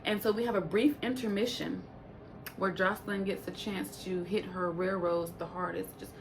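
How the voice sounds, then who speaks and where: A woman's voice: mid-range voice, normal speed, noisy background. A woman giving a casual recap of a reality show in a blunt, profane, sassy way. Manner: animated, jumps into quoted voices. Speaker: reality TV reviewer.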